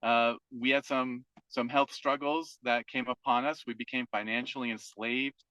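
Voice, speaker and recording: A man's voice: mid-range voice, steady tone, normal speed, pushed and bright, smooth, dry recording, poor audio. A man in his forties from New Hampshire gives an earnest personal testimony over a call, stacking repeated phrases. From New Hampshire, USA. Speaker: team member and guest speaker, teacher and father.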